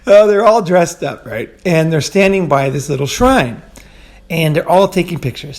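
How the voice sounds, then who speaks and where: A man with a gravelly edge and a slightly higher pitch than most men, talking off the cuff. He rambles through anecdotes with frequent fillers, swearing casually and chuckling at his own stories. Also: expressive, normal speed. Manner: rambling, loose, with many fillers and asides. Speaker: podcast host. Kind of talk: casual storytelling monologue.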